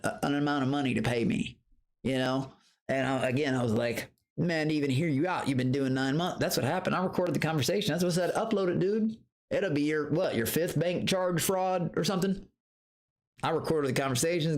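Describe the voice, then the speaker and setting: During a live stream, a man tells a story as a profane, animated rant, bursting into high outbursts and greeting viewers from chat. It's a casual livestream rant.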